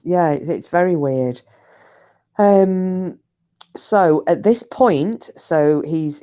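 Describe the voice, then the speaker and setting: Telling a true story casually to viewers, this online storyteller chats and wanders off into asides. She speaks in a very low voice for a woman and takes her time with every phrase.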